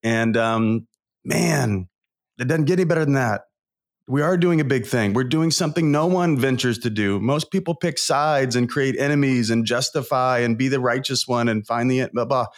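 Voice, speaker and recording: At a normal speed and medium pitch, a man in his forties from Southern California shares personal stories as a guest coach on an interview show. His candid storytelling is earnest, emotional and rambling.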